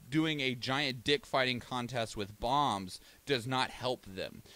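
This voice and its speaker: A man's voice: medium pitch, fairly bright tone. A young American man hosting a podcast, talking casually and profanely, rambling and acting out countries in mock voices. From United States. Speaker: podcast host. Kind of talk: casual solo commentary.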